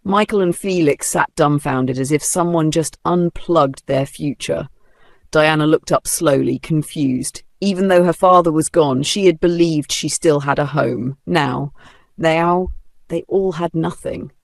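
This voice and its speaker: Dramatic storybook narrator, slight gravel. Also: medium pitch, unhurried, no room sound, studio quality.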